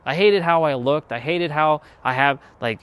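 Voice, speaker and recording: Guy with a slightly high voice opening up about his spiritual journey, earnest, rambly, keeps restarting sentences. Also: moderate pace, fairly bright tone, smooth. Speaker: spiritual content creator. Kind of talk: personal spiritual confession.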